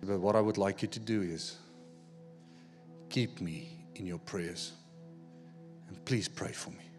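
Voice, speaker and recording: A preacher acting out a tearful man who quietly asks for prayer, in a hushed, subdued voice, with faint music behind. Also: low-pitched, measured pace, in a large hall, voice pushed down.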